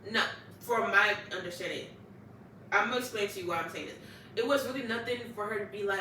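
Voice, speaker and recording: A woman casually recapping anime episodes in a chatty, animated way, acting out the characters and exclaiming "child.". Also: medium pitch, brisk, slight background noise. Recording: echoey room, distant mic.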